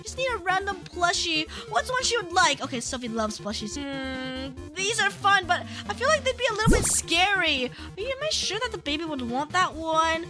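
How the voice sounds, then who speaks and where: A chatty young-sounding woman acts out a fretful soon-to-be mother in a casual game role-play. Her voice is extremely high and bounces up and down. Loud music plays under her voice chat. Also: very animated, normal speed, few pauses. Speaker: channel host playing an expectant mother.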